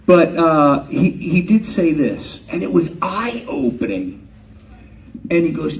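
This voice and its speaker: A middle-aged man answers fans at a convention panel with loose, joking stories, laughing and cursing as he goes. His voice sits a little high and swings widely in pitch. He sounds some distance from the microphone. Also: measured pace, vocal fry. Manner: animated, joking, laughs often, swears casually. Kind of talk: live fan Q&A storytelling.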